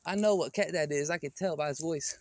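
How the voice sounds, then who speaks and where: A man's voice: fairly high pitch, fairly quick, background noise. A man talking casually in a vlog, slangy and chatty, calling out to a cat in a backyard. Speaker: vlogger. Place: outdoors in a backyard.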